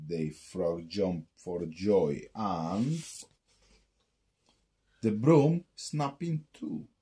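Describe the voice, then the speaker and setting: Deep-voiced man reading a bedtime story. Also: very slow, mellow. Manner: sing-song rhyming storytelling. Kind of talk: reading a picture book aloud.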